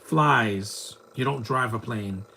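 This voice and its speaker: A man's voice: mid-range voice, slow pace, vocal fry, bright, forceful tone, slight background noise. A man giving casual live commentary on a movie, rambling and mocking what he sees on screen. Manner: rambling, chatty, mocking the film.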